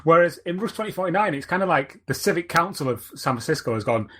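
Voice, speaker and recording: Husky-voiced man rambling on a podcast. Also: on the high side, expressive, fast, a bit bright. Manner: rambling, searches for words, many fillers. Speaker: podcast host. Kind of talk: casual podcast chat.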